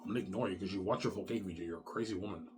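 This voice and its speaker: A man's voice: low-pitched, racing, noisy background. A man ranting in a rambling solo vlog, profane and repetitive. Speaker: vlogger.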